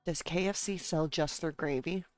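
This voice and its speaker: A woman's voice: sits low, normal speed, no room sound. A woman streaming a game and chatting casually, rambling from one thought to the next and talking to her chat and herself.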